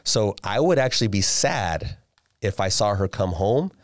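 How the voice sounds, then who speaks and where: A deep-voiced man in his forties tells a family story as a podcast guest. He talks casually, restarts sentences and repeats words as he goes. The sound is dry and close, with no room echo. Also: animated, a little slow. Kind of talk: casual interview chat.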